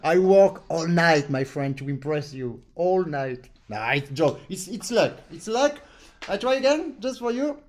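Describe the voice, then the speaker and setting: Playful accordion teacher. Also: male voice, on the high side, animated, unhurried. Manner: playful, teasing, sings phrases aloud. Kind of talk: live online lesson chat.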